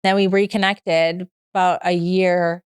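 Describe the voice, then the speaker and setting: A woman's voice: lowish voice, flat delivery, unhurried, clear, resonant tone, no room sound, studio quality. A woman in her thirties telling her own story as a podcast guest, open and frank, rambling with restarts. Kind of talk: candid personal story in conversation.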